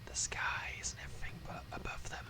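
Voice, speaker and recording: A man's voice: a little fast, natural voice, low-quality recording. A man whispering as a hissing scornful zealot, whispered role-play. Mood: menacing.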